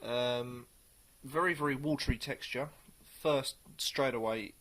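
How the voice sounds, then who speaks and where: A man giving a casual, rambling beer tasting review, pausing often as he thinks aloud. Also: medium pitch, fairly bright tone. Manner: rambling, hesitant, many pauses.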